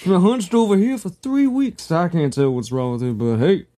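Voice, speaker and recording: A man voicing a crude, chatty peasant farmer man, a hospitable rustic, in a loud folksy falsetto while clowning in a casual chat. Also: moderate pace, natural voice.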